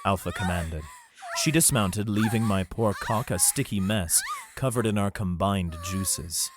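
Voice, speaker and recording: A man narrating an adult fantasy audiobook in the first person with a low voice. He reads in a steady, even way. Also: unhurried, noisy background.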